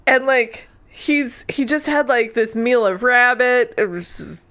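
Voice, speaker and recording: A woman's voice: fairly high pitch, measured pace, fairly bright tone. A woman co-hosting a casual book discussion, enthusiastic and acting out scenes as she retells them. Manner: enthusiastic, laughs, acts out scenes. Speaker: podcast co-host.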